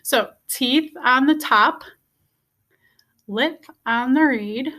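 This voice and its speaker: A woman's voice: a little high, takes it slowly, bright, forceful tone. A woman teaching a beginner music lesson, patiently repeating each step and checking in with "okay?". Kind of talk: instructional video lesson.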